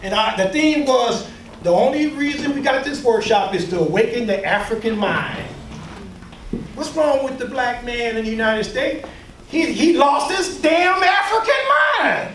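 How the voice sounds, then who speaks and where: Emphatic male speaker with a very high voice, preacher-like cadence, heard from far off in an echoey room. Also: animated, moderate pace, a bit bright, slight background noise. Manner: emphatic, preacher-like, with call-and-response and mocking asides. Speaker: workshop leader and speaker. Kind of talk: lecture to a live audience.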